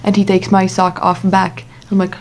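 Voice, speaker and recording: A woman's voice: mid-range voice, monotone, normal speed, a little mellow. A young adult woman vlogger telling a casual story in a chatty way, full of fillers and asides.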